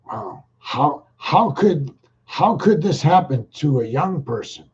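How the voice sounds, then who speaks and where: A man's voice: on the high side, very animated, takes it slowly, slightly rough. A man talking in a casual, rambling monologue, folksy and slangy, speaking straight to his listeners. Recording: muffled lo-fi recording.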